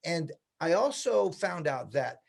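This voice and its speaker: A man's voice: on the high side, a little slow, creaky. A man in his sixties from the United States, a veteran hairstylist and educator, telling stories in a casual interview and acting out past conversations. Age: 60s. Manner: lively storyteller who acts out past conversations.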